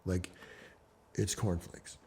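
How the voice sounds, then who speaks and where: A man in an interview, telling a climbing story in a lively way that swings between hushed and loud passages. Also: slow pace, slight background noise.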